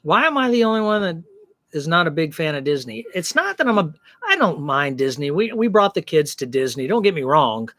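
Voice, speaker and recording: A man's voice: on the high side, sing-song, fairly quick, a bit bright, no room sound, clean studio sound. A man co-hosting a casual live stream from a backyard, joking and teasing in good-natured banter. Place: backyard, outdoors.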